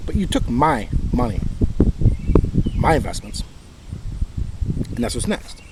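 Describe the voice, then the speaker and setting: A man's voice: mid-range voice, big pitch swings, slow, heavy background noise. A man with a Michigan accent telling his own story in an aggrieved, bitter, emphatic monologue. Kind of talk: personal monologue.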